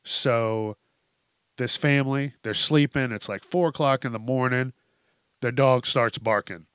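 A man's voice: mid-range voice, fairly even intonation, measured pace, fairly bright tone, clear, resonant tone, dry recording, studio quality. A man hosting a casual news-commentary show, telling stories in a rambling, profane, laid-back way. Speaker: podcast host.

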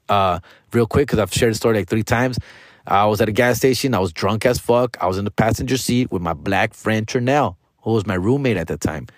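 A man's voice: fairly low pitch, no echo. Man in his forties, podcast host, casual profane monologue, slang and Spanish phrases, dry close sound. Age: 40s. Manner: profane, slangy, frequently addresses listeners as dog and fool.

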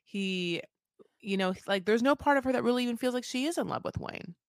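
A woman co-hosting a casual recap podcast, gossipy and crude, acting out quotes with animated swings. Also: fairly high pitch, fairly quick, no room sound, studio quality. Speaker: podcast co-host.

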